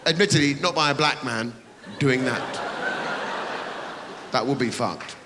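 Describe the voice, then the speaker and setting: Man, stand-up comedian, brash, teasing, animated delivery, live theatre with clear crowd noise. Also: fairly high pitch, measured pace, long pauses. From England. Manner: brash, swearing, teasing the audience. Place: large theatre, live audience. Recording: reverberant theatre with audience noise.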